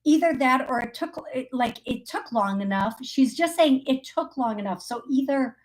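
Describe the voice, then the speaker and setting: A woman's voice: high-pitched, expressive, moderate pace. A woman hosting a call-in show as a psychic medium. She talks in a chatty, rambling way, with lots of fillers and self-corrections, and laughs often. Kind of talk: casual live call-in readings.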